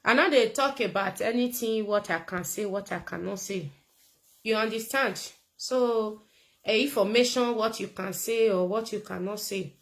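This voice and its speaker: A woman's voice: medium pitch, moderate pace, poor audio. A woman with a Nigerian accent giving a casual political rant to camera, blunt and emphatic and repeating her points. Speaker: political commentator.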